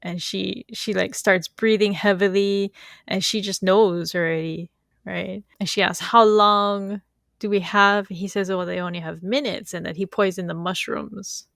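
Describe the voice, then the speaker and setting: A woman's voice: on the low side, fairly even intonation, normal speed, gravelly, dry recording, clean studio sound. A middle-aged woman co-hosting a podcast, chatting casually and laughing often as she recaps a show. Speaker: podcast co-host. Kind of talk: casual chat.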